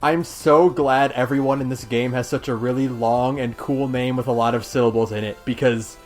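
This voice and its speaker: A man's voice: mid-range voice, steady tone, moderate pace, soft background music. A man co-hosting a podcast in casual chat, enthusiastic but hesitant in his phrasing. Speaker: podcast co-host.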